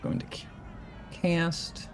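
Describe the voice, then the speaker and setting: A man playing a tabletop game, describing his moves in halting, restarting speech. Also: soft background music. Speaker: player. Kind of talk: casual tabletop game talk.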